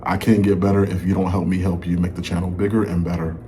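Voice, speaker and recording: A man with a very deep, mellow voice hosts a casual reaction vlog. He is sick with a sore throat and chats in a loose, rambling way, filling gaps with small asides, while faint room ambience sits behind him. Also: flat delivery, quick pace, slight background noise. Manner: chatty and rambling, with many fillers. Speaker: YouTube reaction host.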